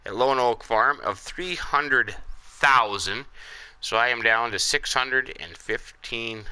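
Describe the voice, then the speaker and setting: Lively, bright-voiced gaming host. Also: male voice, medium pitch, clean tone, low-quality recording. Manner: folksy, talks to himself while playing. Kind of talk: casual gameplay commentary.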